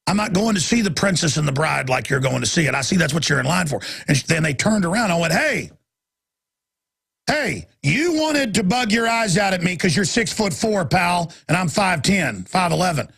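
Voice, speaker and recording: A man hosting a radio talk show, ranting angrily and breaking into shouts, with a gravelly, husky voice. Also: high voice, animated, normal speed. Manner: angry, shouting in bursts, then weary and apologetic. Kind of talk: ranting monologue.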